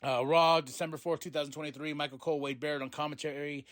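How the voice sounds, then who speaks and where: A man hosting a podcast, recapping a wrestling show in a loose, excited way, swearing and paraphrasing what the wrestlers said. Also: fairly high pitch, fast, no room sound, clean studio sound. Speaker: podcast host.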